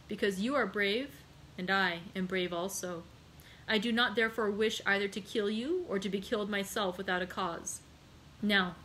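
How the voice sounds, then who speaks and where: A woman reading the part of a composed, wry male journalist in a storybook reading, measured and formal. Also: medium pitch, a bit bright, a little hiss or hum, close to an everyday voice, poor audio.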